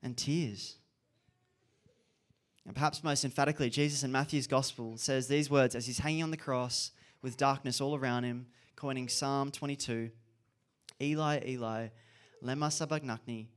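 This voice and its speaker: A man's voice: mid-range voice, steady tone, normal speed. A man giving an earnest, reflective sermon and repeating key phrases for emphasis. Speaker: preacher.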